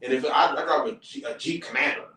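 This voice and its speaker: A man who is a comedian hosting a casual podcast, telling stories in a lively way and acting out other people's voices, with plenty of profanity. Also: mid-range voice, fast talker. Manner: animated storyteller who acts out quoted voices, profane. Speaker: comedian and show host. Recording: roomy, distant mic.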